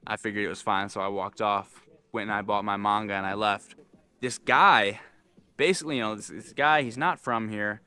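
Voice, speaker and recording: A young man casually telling a story to his viewers, acting out loud yells along the way. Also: moderate pace, clear, resonant tone. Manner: animated, acts out screaming with loud high yells. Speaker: vlogger.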